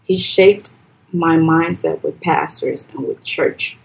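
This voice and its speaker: A young woman from Liberia with a Liberian accent, recounting a painful personal story as a podcast guest in a soft, halting, hesitant way. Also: creaky, poor audio. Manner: soft, halting and hesitant, with quoted voices raised high and loud.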